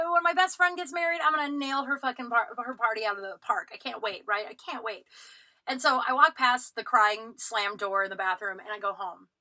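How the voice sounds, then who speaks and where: A woman's voice: fairly high pitch, no room sound, rough recording. A young woman hosting her podcast, animatedly retelling a personal story, acting out what others said, with lots of filler words and swearing. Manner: animated retelling, acts out quotes, frequent "like" fillers, swears freely. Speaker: podcast host. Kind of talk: casual storytelling monologue.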